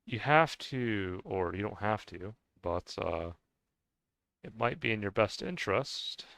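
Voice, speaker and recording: An American vlogger rants casually to camera in a lowish, animated, unhurried voice that is creaky and a bit bright, in a dry recording. He rambles with many restarts and fillers and swears frequently.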